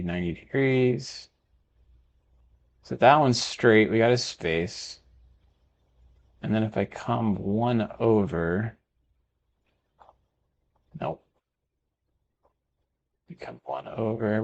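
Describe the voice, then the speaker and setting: A man's voice: lowish voice, a little mellow. Chatty man muttering over a city builder. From Texas. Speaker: gaming video host. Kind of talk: casual let's-play commentary.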